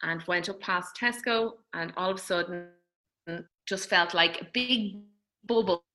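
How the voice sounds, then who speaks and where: Bright-voiced Irish woman telling a story. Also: on the low side, a little slow, low-quality recording. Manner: chatty, laughs often, acts out dialogue. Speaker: mother telling her birth story. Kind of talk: casual storytelling.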